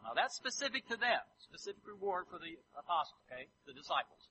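Male preacher, high and very bright, animated sermon delivery. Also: fairly quick, few pauses, a little hiss or hum, low-quality recording. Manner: animated, acts out scripture quotes in voices.

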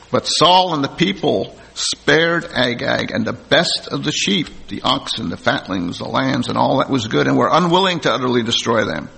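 A man's voice: medium pitch, vocal fry, fairly bright tone, husky. A man preaching a sermon, reading scripture aloud and then commenting plainly to the congregation. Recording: long hall reverb.

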